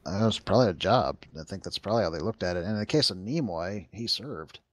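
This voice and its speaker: A man's voice: sits low, lively intonation, quick pace, no room sound, clean studio sound. A man co-hosting a talk show, adding wry, joking quips in casual chat.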